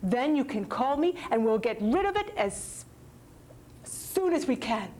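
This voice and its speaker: A woman doing a calm, soothing storybook father. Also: fairly high pitch, a little slow, a little hiss or hum. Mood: reassuring. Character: kind, reassuring father of a boy.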